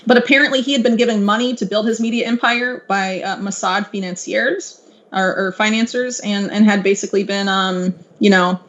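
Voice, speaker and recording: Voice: mid-range voice, steady tone, fairly quick, fairly bright tone. A podcast guest explaining at length in casual chat, with a lecturing manner and frequent filler words. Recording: dull lo-fi audio.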